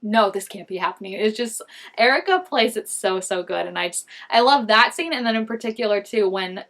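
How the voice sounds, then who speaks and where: A woman's voice: on the high side, lively intonation, moderate pace, fairly bright tone. A young woman rambles through a casual fan recap vlog, gushing over the characters. She keeps circling back on her thoughts and stacks up filler words as she goes.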